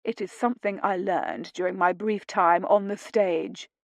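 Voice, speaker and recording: A playful young nobleman, calm and fond, teasing his wife gently, read by a woman in her own voice. Her pitch stays in a middle range, and the recording is dry and close. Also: measured pace, no room sound, close to an everyday voice. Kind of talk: audiobook dialogue reading.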